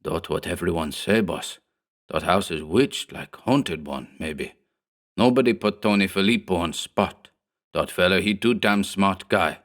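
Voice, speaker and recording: A man's voice: low-pitched, moderate pace, a bit bright. A man voicing a burly, superstitious immigrant thug who speaks broken English, in a horror audiobook. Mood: hushed fearful. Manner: broken English, whining and pleading. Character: burly hog-necked male immigrant thug, superstitious, fearful.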